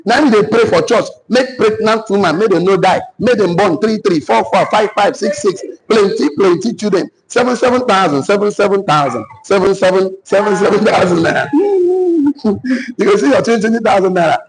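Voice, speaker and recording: A man with a Nigerian accent giving a joking, animated motivational talk to an online business community as coach. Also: high voice, fairly quick, few pauses, a crowd in the background, low-quality recording. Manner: animated, joking, mixes Pidgin asides with laughter.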